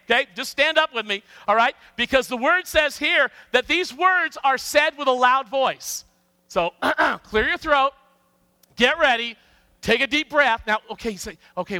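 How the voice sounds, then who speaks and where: A man's voice: high-pitched, dry recording, in a large hall. A man preaching as a pastor, leading his congregation and coaxing them to speak up together. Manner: animated, coaxing congregation to respond. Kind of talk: sermon. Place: church sanctuary.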